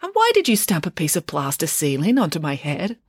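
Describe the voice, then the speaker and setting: Deadpan teen girl, voiced by a woman, slow and flat-toned, close dry sound. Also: low-pitched, slightly rough, dry recording, full character voice. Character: gloomy, deadpan teenage schoolgirl.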